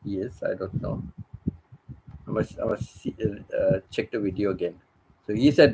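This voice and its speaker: A man's voice: lowish voice, normal speed, long pauses, noisy background. A man chatting casually as a channel host, repeating phrases and restarting his sentences. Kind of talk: casual rambling chat. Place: living in Thailand.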